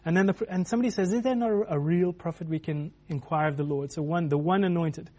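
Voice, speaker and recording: A man's voice: fairly high pitch, quick pace, darkish tone. A man preaching a sermon in a loose, conversational way, with many restarts and filler words.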